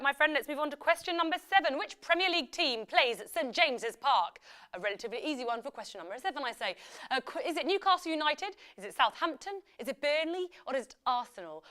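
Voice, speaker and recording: A woman's voice: high-pitched, a bit bright. A woman hosting a live quiz show, chatty and upbeat, reading out questions and results and ad-libbing with fillers and self-corrections. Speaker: quiz host.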